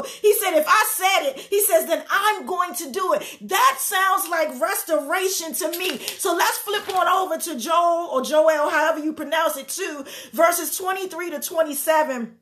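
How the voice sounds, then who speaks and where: A woman preaching a sermon with fervor, slowing to read scripture and rising into shouts and tearful emphasis. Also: very high voice. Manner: slow, deliberate scripture reading.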